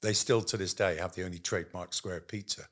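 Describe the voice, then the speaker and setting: Animated male storyteller in business chat. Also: sits low, fairly quick. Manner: animated storyteller, acts out quotes, many ums. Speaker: guest.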